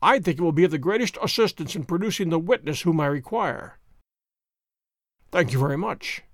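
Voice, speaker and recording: A man doing a showy, precise gentleman detective. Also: fairly high pitch, expressive, brisk, no room sound, clean studio sound. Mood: composed. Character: poised, theatrical male detective, fond of pomp. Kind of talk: audiobook character voice.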